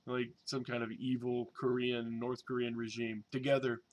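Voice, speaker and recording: A man in his thirties talks casually to his viewers in a mid-pitched voice, drifting from point to point with plenty of ums and restarts. He cracks jokes as he goes and turns loud and excited when he shows off his old toys. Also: normal speed. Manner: rambling, jokey, many fillers and restarts. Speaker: vlogger and toy reseller. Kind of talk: casual vlog chat.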